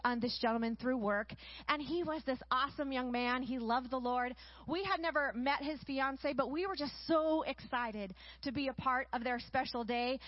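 A woman preaching a sermon, enthusiastic and often checking in with a quick "right?". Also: sits high, dry recording, muffled recording.

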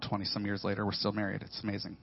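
A man in his forties preaches in a church, dropping to a near hush and then climbing loud as he tells his stories with playful, slangy asides. The sound is dull and lo-fi, with faint music underneath. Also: on the low side, rapid-fire, creaky. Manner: animated storytelling, swinging from hushed to loud. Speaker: pastor. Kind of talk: sermon.

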